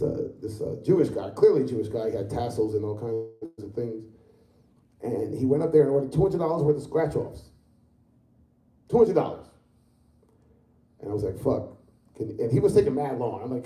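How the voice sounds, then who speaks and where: A fifty-year-old man doing stand-up, rambling and cursing freely in a slightly high voice with a mellow, relaxed tone. He is heard from away from the mic in an echoey room. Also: recorded from a distance. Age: 50s. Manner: profane, rambling, conversational. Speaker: stand-up comedian. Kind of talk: stand-up comedy set.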